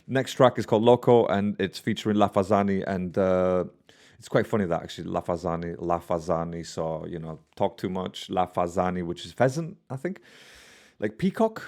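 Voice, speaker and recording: A man's voice: low voice, darkish tone. A man with a British accent hosting a music reaction channel, talking casually in a blunt, rambling way with fillers and swearing. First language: Albanian heritage, also speaks Albanian.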